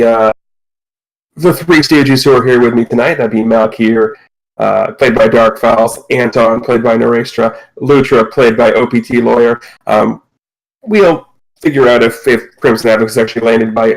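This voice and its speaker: A man narrating as game master of a tabletop game, relaxed and with many fillers. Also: medium pitch, moderate pace, gravelly, poor audio.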